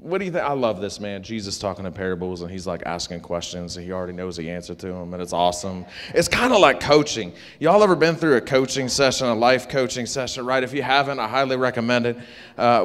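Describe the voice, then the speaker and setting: A man preaching a sermon, animated and joking, with call-and-response asides to his congregation. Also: medium pitch. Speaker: pastor. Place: church sanctuary. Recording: long hall reverb.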